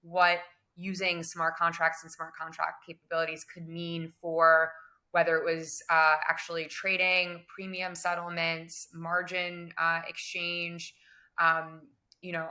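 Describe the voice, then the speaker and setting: Bright, flat-toned businesswoman talking shop. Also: lowish voice. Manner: measured, many fillers and hedging phrases. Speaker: guest, crypto business development director. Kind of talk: conversational interview answers.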